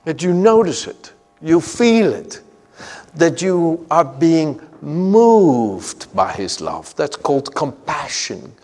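A man's voice: fairly high pitch, big pitch swings, slow pace, a little mellow. A man preaching a sermon, fervent and emphatic, weaving personal stories into his message. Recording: long reverb of a large hall.

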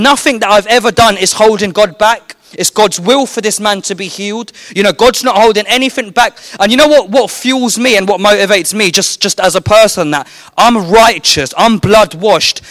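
A man's voice: high-pitched, fairly bright tone, no room sound. A man, a street evangelist giving a fervent, rambling personal testimony full of fillers.

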